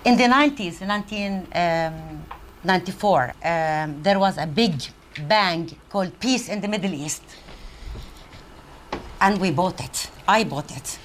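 An older woman from Palestine giving a public speech, conversational and animated, with pauses and fillers. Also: on the low side, slight background noise. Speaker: guest speaker, professor.

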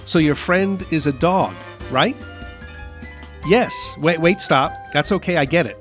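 Guy hosting a silly radio bit, deadpan, talks everything through, faint music under it. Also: on the high side, slow pace. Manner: deadpan, describing the action aloud. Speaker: radio host. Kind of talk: comic radio sketch, interviewing a silent mime. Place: radio studio.

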